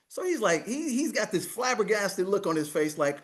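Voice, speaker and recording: High-voiced man telling a lively story. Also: brisk, few pauses. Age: 50s. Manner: animated, acts out the dialogue, keeps repeating "I said". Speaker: guest, money coach. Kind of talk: storytelling in a podcast interview.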